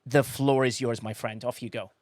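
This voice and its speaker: A man hosting a live podcast stream in casual chat, animated and quick to exclaim. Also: mid-range voice, no room sound. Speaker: podcast host.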